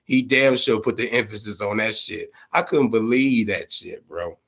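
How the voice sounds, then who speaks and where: On a casual live-stream, a man with a lowish, creaky, somewhat bright voice talks at normal speed. He swears freely and rambles, repeating points for emphasis while talking directly to viewers.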